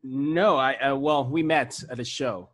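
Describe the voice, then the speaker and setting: A man's voice: medium pitch, a little slow, fairly bright tone. Male podcast guest from Puerto Rico, laid-back and profane. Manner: laid-back, swears freely. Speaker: podcast guest, metal musician. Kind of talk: casual podcast chat.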